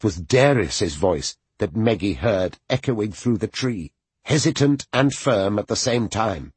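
A man narrating a fantasy audiobook with expressive storytelling. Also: lowish voice, measured pace, husky, dry recording.

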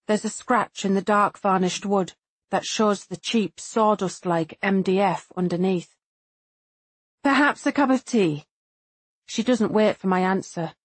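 A woman reads a first-person novel aloud in a measured, inward tone, lightly giving the other characters their own voices. Her voice sits at an ordinary middle pitch for a woman. It is recorded close and dry, with no room sound around it. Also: no room sound. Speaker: audiobook narrator. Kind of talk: first-person audiobook narration.

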